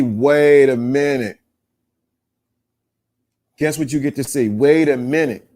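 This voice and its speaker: A man's voice: mid-range voice, a little mellow. A man hosting a live-streamed relationship podcast, talking to his chat in an emphatic, preachy way and often repeating himself. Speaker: podcast host. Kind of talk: live-streamed self-help talk.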